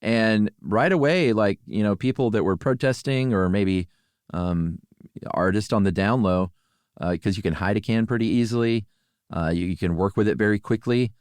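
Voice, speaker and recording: A middle-aged man co-hosting a podcast, relaxed and rambling with many fillers. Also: lowish voice, normal speed, no room sound. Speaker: podcast co-host and ad reader. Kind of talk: casual chat.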